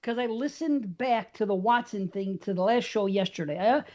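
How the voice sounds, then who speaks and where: A woman's voice: medium pitch, moderate pace, dark tone, muffled recording. A woman hosting a horror movie podcast, talking in plain casual chat. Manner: introduces the show, plain conversational. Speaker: podcast host.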